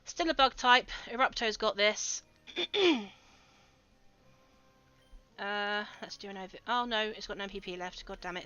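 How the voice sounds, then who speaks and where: Giggly bright-voiced woman streamer. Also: mid-range voice, a little slow, long pauses, clean tone, no echo, lo-fi sound. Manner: giggly, chatty, talks to chat. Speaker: game streamer. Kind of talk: casual livestream commentary.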